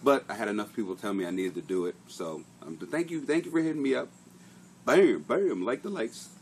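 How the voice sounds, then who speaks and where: A man's voice: mid-range voice, animated, brisk, slight background noise. Profane, rambling comedian man. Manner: rambling, profane, laughing storyteller. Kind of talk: casual live-stream chat.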